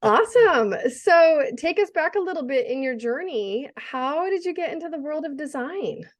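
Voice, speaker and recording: A woman's voice: high-pitched, animated, normal speed. Upbeat woman hosting an interview. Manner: upbeat, enthusiastic, affirming. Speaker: podcast host.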